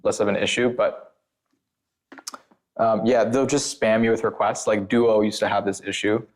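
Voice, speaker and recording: A man's voice: lowish voice, steady tone, moderate pace. A man, a former penetration tester, talking as a podcast guest in a casual, rambling way, full of filler words and blunt warnings. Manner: blunt and emphatic.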